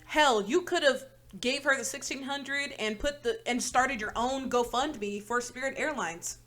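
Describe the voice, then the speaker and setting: A woman's voice: sits high, a little slow, fairly bright tone, soft background music. A woman hosting a reaction video, talking in blunt, profane, exasperated rants. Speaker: reaction channel host. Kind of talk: casual reaction commentary.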